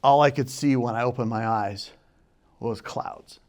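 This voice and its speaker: A young man telling a personal story, moving from hushed and quiet to loud and excited. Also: medium pitch, a little slow. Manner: quiet and hushed in places, then loud and excited, acting out shouts.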